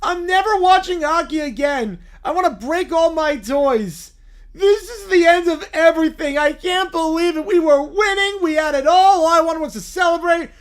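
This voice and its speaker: Computer voice doing a whiny bear guy, high pitched, throwing a fit. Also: normal speed. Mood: despairing. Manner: wailing, petulant complaints. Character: whiny bear, sore hockey fan, throwing tantrums.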